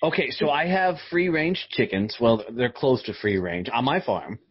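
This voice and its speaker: A man's voice: medium pitch, big pitch swings, moderate pace, breathy edge, no room sound, muffled recording. A man hosting a podcast interview, chatting casually, joking and restarting his sentences. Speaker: podcast host.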